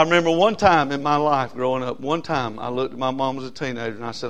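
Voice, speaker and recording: A middle-aged man preaching a sermon. He calls out to his congregation for amens and swings between loud and soft delivery. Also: medium pitch, quick pace.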